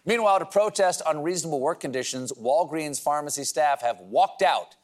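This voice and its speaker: A man's voice: fairly high pitch, animated, brisk, a crowd in the background, noisy background. Man delivering late-night comedy jokes. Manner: mock-grandiose, punchline delivery. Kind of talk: comedic monologue with audience. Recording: studio audience laughter behind.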